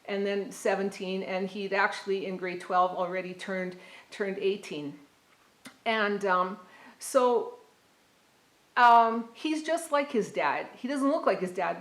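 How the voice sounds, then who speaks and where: A middle-aged woman speaks to students about her family, earnest and a little halting, often pausing on ums and starting phrases over. Her voice sits at an ordinary pitch for a woman. The sound carries a noticeable room echo. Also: fairly bright tone. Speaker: parent giving a talk to university students. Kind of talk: personal storytelling talk.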